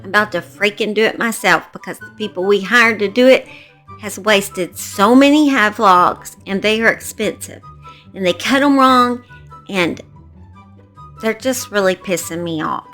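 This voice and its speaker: A woman's voice: medium pitch, normal speed, sharp tone, soft background music. A woman with a Southern accent chatting to her viewers in a small shed, blunt and salty in how she talks. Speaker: true crime YouTuber. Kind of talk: casual chat to camera.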